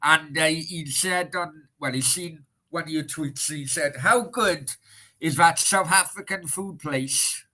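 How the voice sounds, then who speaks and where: Bright-voiced Welsh football host. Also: male voice, a little high, slow pace. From Cardiff. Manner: friendly, affirming, uses fillers. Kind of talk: casual interview.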